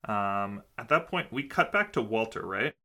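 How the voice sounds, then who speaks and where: Bright-voiced man recapping with ums. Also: lowish voice, animated, normal speed. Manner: hesitant, many ums and restarts. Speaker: podcast co-host. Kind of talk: casual episode recap chat.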